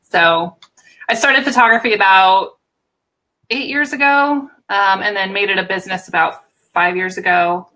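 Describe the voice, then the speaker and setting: A woman from the United States, a guest on a casual livestream chat, talking in a relaxed, hesitant way with many ums. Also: mid-range voice, normal speed, rough recording. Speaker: guest, photographer and writer.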